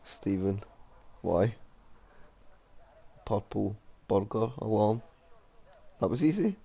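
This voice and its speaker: A man's voice: fairly low pitch, expressive, takes it slowly, gravelly, warm tone, husky. Man, casual race commentary, jokey, chats with viewers. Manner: chatty, jokey, reading out chat comments. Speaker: sim racing league commentator.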